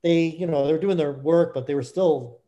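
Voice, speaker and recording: A middle-aged man speaking candidly as an interview guest, halting with frequent restarts. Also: a little high, warm tone. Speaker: guest, author.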